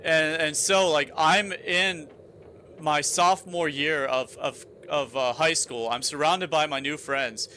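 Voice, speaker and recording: A young man chats on a game stream, his voice pitched a touch high and sharply bright. He rambles through a story with frequent restarts. A faint hiss sits behind him. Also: fairly even intonation, slow pace. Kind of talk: casual chat while gaming.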